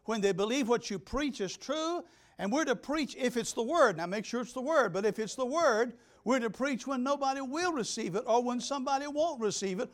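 An older man, a pastor, preaching a sermon emphatically, repeating key words and swinging between loud and soft. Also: very high voice. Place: church.

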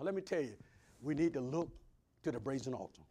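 A man preaching a sermon, swinging between loud preaching and hushed asides. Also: mid-range voice, animated, fast, slightly rough. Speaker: pastor.

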